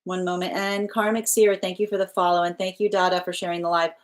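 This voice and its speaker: A woman hosting a tarot livestream in casual chat, reading out viewer comments and warmly thanking people by name. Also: fairly low pitch, little pitch movement, quick pace. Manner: chatty and affectionate, thanks viewers by name, laughs often.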